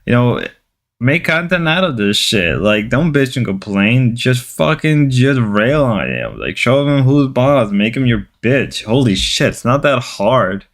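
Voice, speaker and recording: A man's voice: sing-song, a little slow. A man ranting profanely as a streamer, mocking and lecturing the people he watches. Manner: profane, mocking, shouts in high whiny mimicry. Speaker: streamer reacting to a call-in show. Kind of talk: crude ranting commentary.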